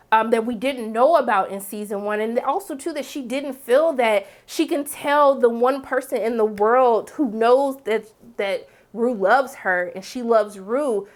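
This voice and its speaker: A young woman giving a chatty, animated spoken review of a TV episode, with lively asides. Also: a little high. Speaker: TV recap reviewer.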